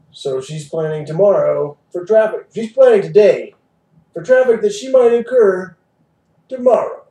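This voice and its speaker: A mock-earnest improv news anchor speaks slowly and deliberately, with a mellow, dark tone and a lively, swooping pitch. The sound is roomy, as if picked up from a stage by a distant mic. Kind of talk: improv comedy news parody.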